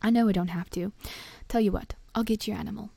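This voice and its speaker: A woman voicing a big, gruff but kindly male gamekeeper with a blunt way of talking in a storybook reading. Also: mid-range voice, steady tone, fast, warm tone, no room sound.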